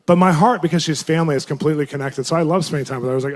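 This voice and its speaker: A Christian minister races through an animated personal testimony, laughing often and leaping up in pitch whenever he quotes his own reactions.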